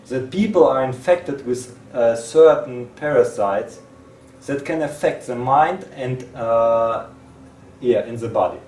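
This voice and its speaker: Guy reading out a text, stops and repeats himself a lot, mellow tone, sounds far from the mic. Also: mid-range voice. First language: Russian. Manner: halting, repeats words and restarts. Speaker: presenter. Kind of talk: reading a text aloud with asides. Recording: roomy, distant mic, faint hiss.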